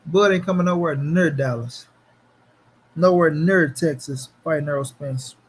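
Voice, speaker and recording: Animated slangy man hosting a live stream. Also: on the high side, unhurried, husky. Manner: animated, slangy, talks back to chat. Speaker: boxing commentary channel host. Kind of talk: casual livestream chat.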